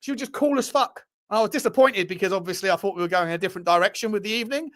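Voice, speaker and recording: A man with an English accent and a rather high voice hosts a live show. He chats loosely with viewers, swears without a second thought and laughs at himself. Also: animated, rapid-fire, a bit bright. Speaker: host of a live fan show. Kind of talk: casual live-stream chat reacting to viewer messages.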